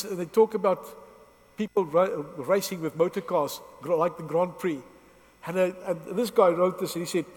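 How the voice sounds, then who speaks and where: A man preaching a sermon in an earnest, halting way, often restarting his sentences, and emotional as he speaks. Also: sits high, long reverb tail.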